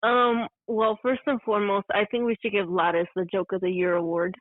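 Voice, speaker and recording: A woman's voice: mid-range voice, brisk, no room sound. A woman calling in to a show, chatting casually and laughing easily, heard over a phone line. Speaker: guest caller. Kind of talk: casual chat. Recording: dry tinny phone line.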